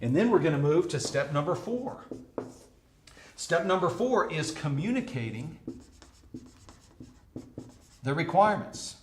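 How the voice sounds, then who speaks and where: Lively man teaching leadership steps. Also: unhurried, pauses often, slight background noise. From United States. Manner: energetic, acts out dialogue with pitch jumps. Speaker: leadership speaker. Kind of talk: motivational workplace lesson.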